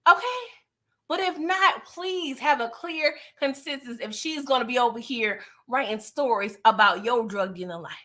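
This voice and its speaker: Woman, 30s, from New York; chatty, sassy recap vlogger, bright higher voice. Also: normal speed. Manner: chatty, sassy, animated asides with frequent "okay?". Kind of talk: casual episode recap.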